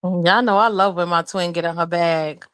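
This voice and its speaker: A woman's voice: fairly low pitch, steady tone, moderate pace, a bit bright, clean tone. An affectionate, encouraging woman hosts a casual livestream chat. She heaps praise and loving support on her friend, with easy, everyday speech.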